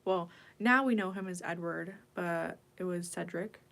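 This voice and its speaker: A woman's voice: lowish voice, measured pace, creaky, fairly bright tone. A woman hosting an ASMR livestream, chatting casually and playfully as she answers viewers' questions, often dropping into a whisper. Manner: casual rambling, drifting into whispered asides. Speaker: ASMR livestream host reading chat.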